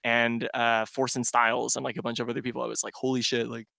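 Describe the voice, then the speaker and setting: A man's voice: medium pitch, flat delivery, fast talker, creaky, sharp tone, dry recording, studio quality. A man who is a DJ, telling a long rambling story in casual podcast chat and filling it with "like". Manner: rambling storyteller, heavy "like" filler. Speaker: DJ guest.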